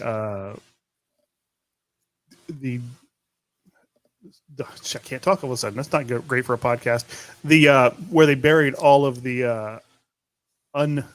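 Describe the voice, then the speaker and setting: A man's voice: medium pitch, no echo. A man from Louisiana hosting a podcast, rambling through stories and laughing often in casual chat. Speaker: podcast host.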